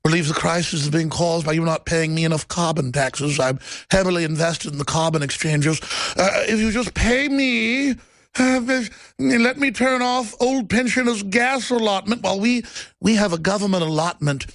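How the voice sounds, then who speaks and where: A man doing a satirical impression of a pompous elderly British royal, with a plummy, self-satisfied, slow drawl. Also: high-pitched, fairly bright tone, dry recording. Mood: smug.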